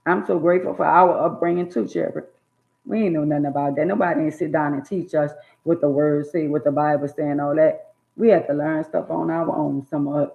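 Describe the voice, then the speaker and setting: A woman with a gravelly, fry-laden voice tells stories in casual chat. Her speech carries a lilt. She jumps into loud, shrill bursts when she imitates angry parents. The sound is thin and phone-like. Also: brisk. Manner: animated, acts out scolding parents in loud bursts. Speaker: storyteller recalling childhood.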